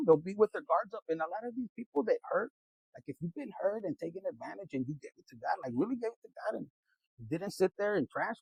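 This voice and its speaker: A man's voice: sits high, creaky, a little mellow, slightly rough, dry recording, rough recording. A man giving a rambling, casual tarot reading, laughing often, swearing freely and slipping into Spanish. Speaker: tarot reader.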